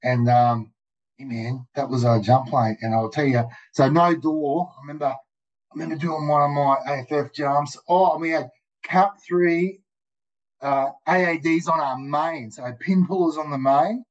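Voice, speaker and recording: A man with an Australian accent spins loose, animated stories, swearing freely and calling the listener "mate". His voice sits a touch high for a man. The audio is muffled and lo-fi. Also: moderate pace. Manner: rambling, profane, animated anecdotes, frequent "mate" and "dude". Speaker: guest, skydiver. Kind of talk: casual storytelling.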